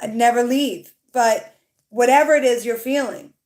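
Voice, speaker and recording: Woman, young adult, tarot livestream host, casual rambling chat, swears offhand, talks to viewers, slightly high voice. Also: moderate pace, a little mellow. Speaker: tarot reader hosting a livestream.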